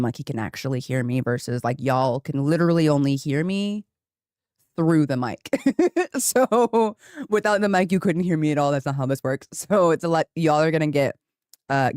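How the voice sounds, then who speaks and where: A woman game streamer chats casually and rambles into a desk microphone, wearing headphones, and laughs often. Her voice jumps higher when she gets excited, and the recording is dry with clean studio sound.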